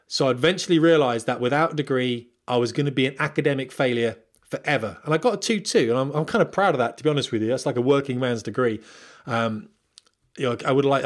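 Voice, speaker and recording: Guy rattling off career advice, candid and rambly, lots of ums and restarts, mid pitch. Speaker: former military pilot giving career advice. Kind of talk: casual monologue to viewers.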